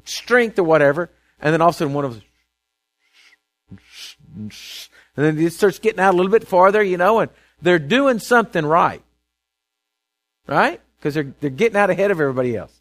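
A man, preaching a sermon as a pastor. He tells the story in a casual, conversational way, stammering through restarts and often checking in with "right?" and "okay?". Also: high-pitched.

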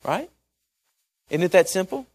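A man preaching a chatty Bible-study sermon, swinging between loud and hushed. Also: high-pitched, lively intonation, measured pace, no room sound.

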